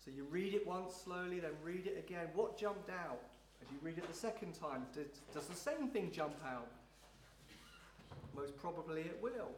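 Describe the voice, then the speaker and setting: Man leading a slow prayerful church teaching. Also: on the high side, animated. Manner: slow, repetitive, prayerful phrasing. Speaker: pastor leading a service. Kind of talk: guided devotional teaching. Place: church room with a congregation. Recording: roomy echo, faint noise.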